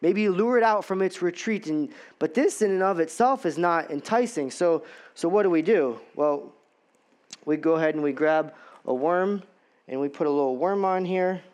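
High-voiced man preaching. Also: normal speed, darkish tone. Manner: conversational, repetitive, rhetorical questions. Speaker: pastor. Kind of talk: sermon.

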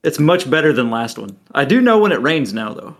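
A man's voice: medium pitch, big pitch swings, a little fast, a bit bright. A man introducing his character as a player on a tabletop game podcast, hesitant and good-humored. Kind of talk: casual chat.

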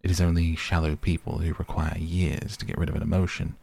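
A man's voice: very deep voice, flat delivery, a little fast, creaky, darkish tone, husky, no echo, full character voice. A man voicing a cool, self-absorbed young male aesthete who speaks in a languid, lecturing tone.

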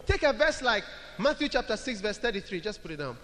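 High bright-voiced preacher in a reverberant hall. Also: male voice, big pitch swings, fast talker. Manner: repetitive chanting of scripture phrases, rising to loud exhortation. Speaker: pastor. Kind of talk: sermon. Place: church.

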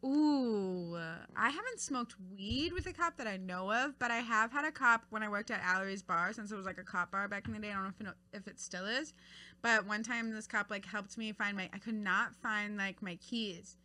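A young woman co-hosting a podcast, bantering loudly and crudely with a friend. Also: mid-range voice, normal speed. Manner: loud, crude, laughing banter. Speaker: podcast co-host. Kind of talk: casual chat.

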